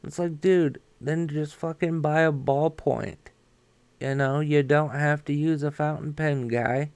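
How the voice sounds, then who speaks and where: A man hosting a casual solo commentary podcast, halting with many fillers and restarts and swearing freely. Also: on the high side, steady tone, darkish tone, clean tone, dry recording. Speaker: podcast host.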